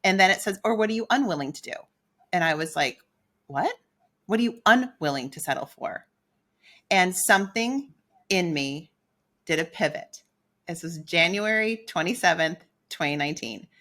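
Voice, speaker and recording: Candid, bright-voiced middle-aged woman. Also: lowish voice, moderate pace. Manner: candid, animated, acts out her own inner dialogue. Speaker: podcast co-host. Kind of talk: casual personal storytelling.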